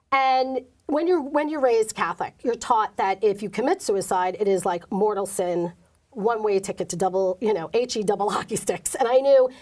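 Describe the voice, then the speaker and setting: A woman's voice: medium pitch, darkish tone. A middle-aged woman, an interview guest, candidly telling an emotional personal story and acting out the quoted dialogue.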